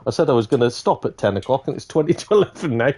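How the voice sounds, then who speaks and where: A man's voice: medium pitch, animated, racing, mellow, slightly rough. A man hosting a live stream, chatting casually and rambling, swearing freely. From Shropshire, England. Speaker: livestream host.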